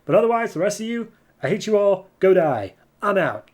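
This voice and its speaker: A man's voice: sits high, big pitch swings, a little fast, a little mellow, pitched above the performer's own voice. A man voicing a brash, spiteful war god in a comic recap, dismissive and blunt.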